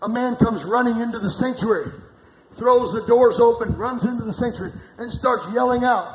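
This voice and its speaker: High-voiced fervent male preacher. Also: normal speed, reverberant, background noise. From Missouri. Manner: fervent, rhythmic call-and-response preaching that swells to shouts. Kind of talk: sermon.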